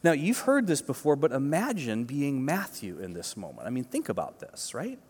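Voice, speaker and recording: A man's voice: medium pitch, huge pitch swings, moderate pace, a little mellow, breathy edge. A male pastor giving a conversational sermon, emphatic, with repeated words and frequent "right?" asides. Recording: long reverb of a large hall.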